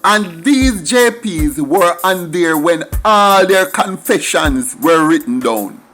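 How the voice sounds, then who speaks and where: A middle-aged Jamaican man tells a story in a high voice with a lilting, sing-song delivery. He leans hard on emphatic patois asides. Faint music plays behind him. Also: lively intonation, takes it slowly, a bit bright. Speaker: commentator. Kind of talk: storytelling monologue.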